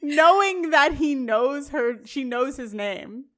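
A woman's voice: high voice, animated, takes it slowly, fairly bright tone. A young woman co-hosting a podcast, casually recapping an episode scene by scene and acting out the characters' lines. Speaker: podcast co-host.

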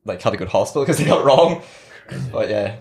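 A man's voice: fairly low pitch, lively intonation, fast, darkish tone, husky. A man talking casually as a podcast guest, enthusiastic and full of "like" and "you know". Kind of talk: casual chat.

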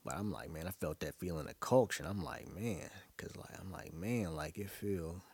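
A man's voice: low voice, animated, normal speed, darkish tone, breathy edge. A young man from Brooklyn, talking in a loose, rambling, profane monologue to his listeners. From Brooklyn, New York. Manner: loose, profane, rambling storytelling with frequent laughs. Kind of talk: casual monologue.

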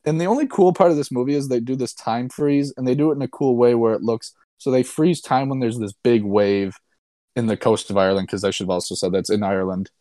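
A man's voice: mid-range voice, fast talker, mellow, no room sound, clean studio sound. Rambling, sarcastic young man. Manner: rambling, profane, sarcastic recap. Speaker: podcast co-host reviewing a movie. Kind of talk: casual chat.

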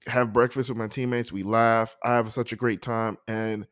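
A man telling a personal story before reading a poem, speaking softly with halting, emotional pauses. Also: mid-range voice, little pitch movement, no room sound, clean studio sound. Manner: soft-spoken, halting and emotional. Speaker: poet introducing a poem.

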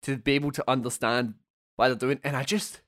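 A young man co-hosting a casual film podcast, animated and swearing freely. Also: mid-range voice, brisk, no room sound, studio quality. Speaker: podcast co-host.

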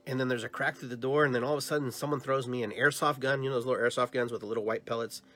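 A male podcast host telling a dream story in a lively way, acting out the dialogue he quotes. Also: medium pitch, very fast, soft background music. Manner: animated storyteller who acts out quoted dialogue.

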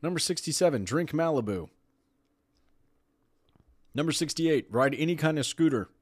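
A man's voice: a little high, animated, normal speed, no echo, studio quality. A man hosting a podcast, talking casually and sarcastically, often laughing while he reads aloud. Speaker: podcast host.

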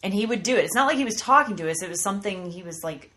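A woman in her thirties chatting casually on a podcast, telling lively stories and acting out what others said. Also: medium pitch, very fast. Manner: animated storyteller, acts out voices in quotes. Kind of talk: casual chat. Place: studio with microphones.

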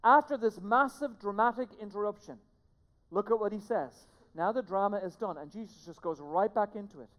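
A pastor preaching a sermon to a church, emphatic, repeating key phrases and swinging between hushed and loud delivery. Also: medium pitch, normal speed, lo-fi sound. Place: church sanctuary. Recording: long reverb of a large hall.

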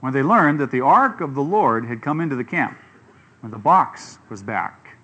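A man preaching a sermon, retelling a scripture story in a lively way and asking his listeners questions. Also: medium pitch, normal speed, husky. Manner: animated, acts out quoted voices, asks the audience questions.

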